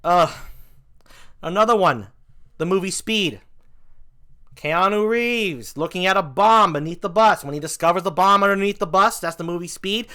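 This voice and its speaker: Brief: male vlogger, bright voice, animated mock-outraged rant. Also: high voice, normal speed. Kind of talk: comedic commentary.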